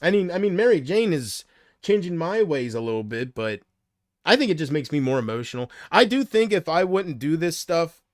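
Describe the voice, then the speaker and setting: Guy rambling on his livestream, kinda high voice, dead dry sound, trails off a lot. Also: sing-song, moderate pace, no echo. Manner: rambling, trailing off, swears casually. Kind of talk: casual rambling livestream chat.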